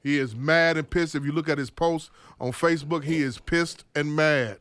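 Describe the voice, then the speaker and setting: A man hosting a podcast, teasing his co-hosts in loud, joking, profane banter. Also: on the high side, steady tone, moderate pace, no echo. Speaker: podcast host.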